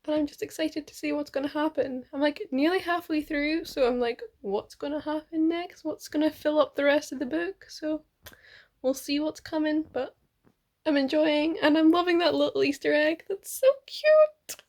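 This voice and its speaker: A young woman with a high voice talks through her reading in a casual vlog. She gushes and chats, full of "like" and small giggles. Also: fairly even intonation, normal speed, a little mellow. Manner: gushing, chatty, many fillers and giggles. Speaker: book vlogger.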